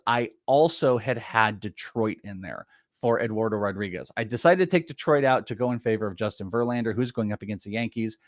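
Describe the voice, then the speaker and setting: Male host, 30s, mid-pitched, worn-out but lively, casual betting talk, dry close mic. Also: dry recording. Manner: chatty, laughs often, animated asides. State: tired after a late night. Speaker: podcast host. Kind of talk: casual sports betting chat.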